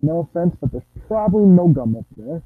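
A young streamer rambles playfully through casual gameplay commentary, breaking into sung nonsense sounds. His voice is a little high, sing-song, brisk and husky, captured dry with no echo on a tinny lo-fi mic.

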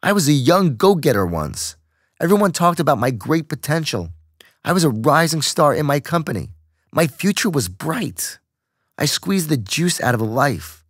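A man's voice: mid-range voice, very animated, normal speed, no echo, clean studio sound. Man voicing a desperate family man at his limit. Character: stressed middle-aged family man at breaking point.

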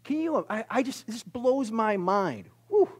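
A male pastor giving a conversational sermon in a church service, swinging from loud exclamations to hushed near-whispers and laughing at himself. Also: very high voice, expressive, measured pace, breathy edge.

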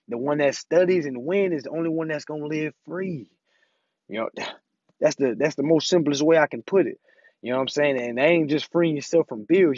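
Man, casual monologue, profane, emphatic, consumer law instructor, mid-pitched voice, dry slightly lo-fi recording. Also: no room sound. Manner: profane, emphatic, says "you know what I'm saying" over and over.

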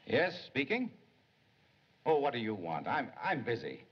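A man's voice: medium pitch, huge pitch swings, measured pace, slight background noise. An actor playing a harried, impatient male police chief who is brusque and dismissive. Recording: dull lo-fi 1930s film soundtrack.

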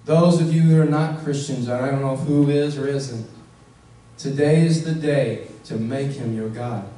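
With a medium-pitched, dark voice, fairly even intonation and a slightly slow pace, a male pastor preaches earnestly. He puts questions straight to his listeners and presses hard on key words, sounding far away in an echoey room.

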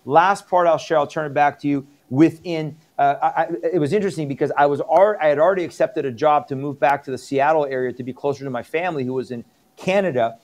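A man's voice: a little high, fast talker. A middle-aged man from Iran, a pastor, telling his conversion story in an interview with earnest, emphatic repetition. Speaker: pastor and guest. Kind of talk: testimony in an interview.

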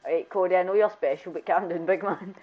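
A woman chatting excitably as she streams a game, laughing often and breaking into loud exclamations. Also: on the low side, fairly quick, muffled recording. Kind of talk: casual gameplay chat.

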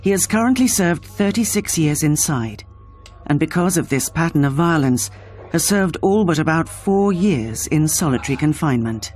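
A man's voice: on the high side, normal speed, faint music behind. Man narrating a documentary. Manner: even, formal.

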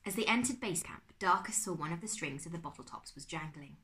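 Bright, expressive woman reading aloud. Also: fairly low pitch, fairly quick. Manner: expressive, whispering tense moments. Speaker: teacher reading to a class. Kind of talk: storybook read-aloud.

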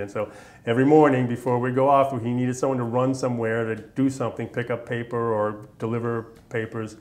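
A man's voice: mid-range voice, level tone, brisk, darkish tone. A man in his fifties from Massachusetts, telling his army memories in an oral history interview, rambling along with many fillers. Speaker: veteran interviewee.

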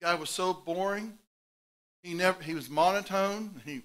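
High, bright-voiced preaching man. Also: normal speed. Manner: animated storytelling, swinging from loud outbursts to hushed asides. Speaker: pastor. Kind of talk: sermon.

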